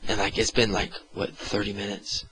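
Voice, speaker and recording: Profane, animated man telling a story. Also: fairly low pitch, moderate pace, breathy edge, rough recording. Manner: profane, animated, exaggerated retelling. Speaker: podcast co-host. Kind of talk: casual storytelling.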